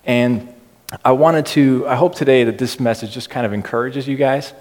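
A man giving a casual, chatty sermon in a low-key, self-deprecating way. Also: steady tone, normal speed, a little mellow. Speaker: preacher. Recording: reverberant hall.

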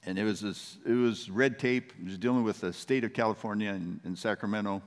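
A man's voice: on the low side, steady tone, a little fast, big-room sound. A man, a pastor, preaching a sermon in a conversational, storytelling manner.

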